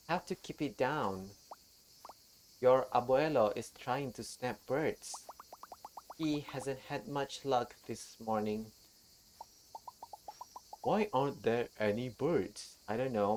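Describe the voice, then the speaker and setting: A woman voicing a kindly old grandfather who photographs birds, speaking quietly. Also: rumbling low, takes it slowly, long pauses, slight background noise. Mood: hushed. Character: gentle old grandfather, keen bird photographer. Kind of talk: game dialogue read aloud by a streamer. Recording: faint game music behind.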